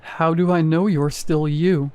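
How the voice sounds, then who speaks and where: A man's voice: fairly high pitch, steady tone, a little slow, warm tone, natural voice. A man voicing a frightened young wife in a horror story reading, speaking shakily and anxiously. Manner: shaky, anxious.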